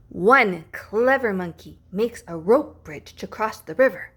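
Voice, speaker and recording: Female picture-book reader, unhurried and animated, playful with whispered asides. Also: a little high, breathy edge. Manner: expressive, playful, gasps and hushes for effect. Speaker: storybook reader. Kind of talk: reading a picture book aloud.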